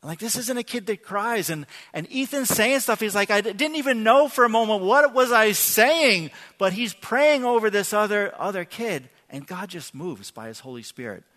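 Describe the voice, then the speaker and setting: A man giving a conversational sermon, his voice pitched high and bright. He talks earnestly and casually, repeating words as he goes and checking in with "right?". A long reverb trails behind him, as in a large hall. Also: lively intonation, normal speed, hardly any pauses. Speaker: pastor.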